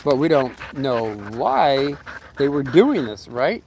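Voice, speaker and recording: A man's voice: mid-range voice, sing-song, takes it slowly, vocal fry, darkish tone, slight background noise. A middle-aged man telling a long story in a casual vlog at his home, rambling with fillers and restarts, and briefly acting out the voices of the people in it. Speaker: storyteller vlogger.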